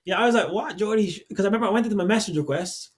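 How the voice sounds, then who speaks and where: A young man in his twenties chatting on a podcast, rambling and stacking fillers as he goes. His voice sits slightly higher than most men's. He downplays himself easily. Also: lively intonation, very fast. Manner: rambling, filler-heavy, self-deprecating. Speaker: podcast guest, songwriter. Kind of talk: casual podcast chat.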